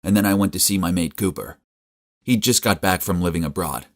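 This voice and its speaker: A man narrating a first-person story in an earnest, subdued way for an animated story video. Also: low voice, brisk.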